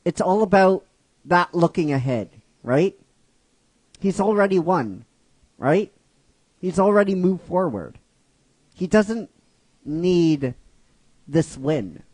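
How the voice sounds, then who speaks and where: A man's voice: on the high side, a little mellow, dry recording. A man casually retelling his own fan script, rambling and repeating himself, and often asking "right?" as he goes. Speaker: fan script writer and narrator.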